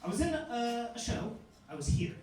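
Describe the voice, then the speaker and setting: Young male stand-up comic, high voice, deadpan storytelling, echoey club, distant mic with room noise. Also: moderate pace. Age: 20s. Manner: deadpan storytelling, acting out hecklers. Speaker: stand-up comedian. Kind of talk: stand-up comedy set. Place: comedy club.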